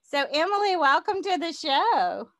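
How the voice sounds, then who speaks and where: A woman's voice: very high voice, sing-song, unhurried, a bit bright. A woman with a Southern accent, hosting a business podcast and chatting with a guest in a bubbly, enthusiastic way, laughing often. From Louisiana, US South. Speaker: podcast host. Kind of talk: casual interview chat.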